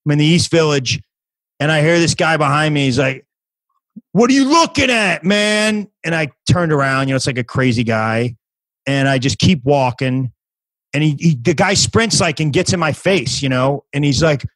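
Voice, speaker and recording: A man's voice: fairly high pitch, steady tone, moderate pace, a bit bright, dry recording, poor audio. A man in his fifties, a comedian guest on a podcast, telling a story in casual chat with many restarts and false starts. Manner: rambling with many restarts and acted quotes.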